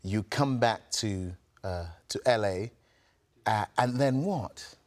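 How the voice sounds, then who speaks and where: A man hosting an interview who asks his questions haltingly, repeating words as he starts. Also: lowish voice, a little mellow. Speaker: interview host.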